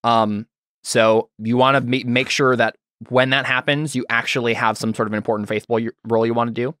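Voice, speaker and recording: A man's voice: medium pitch, fairly even intonation, fairly quick, fairly bright tone, no room sound. A man running a tabletop game, his voice dry and close to the microphone with no room sound. He walks a player through the rules patiently, full of ums and restarts. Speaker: game master.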